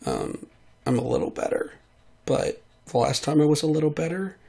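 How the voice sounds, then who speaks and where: A man hosting his own podcast in a casual solo monologue, talking in a sick, hoarse voice into a studio mic, rambling and self-deprecating with awkward jokes. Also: on the high side, wildly swooping pitch, moderate pace, dark tone. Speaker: podcast host and voice artist. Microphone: studio mic at home.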